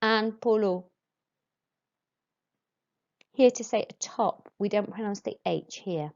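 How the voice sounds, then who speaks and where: A woman, teaching French to pupils and modelling each word slowly and clearly. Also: mid-range voice, expressive, warm tone. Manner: slow, careful modelling of pronunciation for pupils. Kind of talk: recorded classroom lesson. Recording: dull lo-fi recording.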